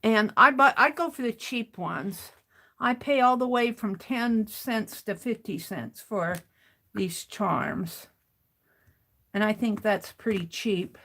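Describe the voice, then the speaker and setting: A woman's voice: mid-range voice, slow, sharp tone. A woman hosting a craft livestream, chatting casually and rambling to herself as she works. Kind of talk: casual chat while crafting.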